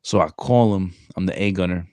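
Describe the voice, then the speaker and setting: A man co-hosting a podcast, a Marine recruiter telling stories in casual, animated chat full of swearing and "bro". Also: deep voice, fairly quick, no room sound. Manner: animated, profane, says "bro" a lot.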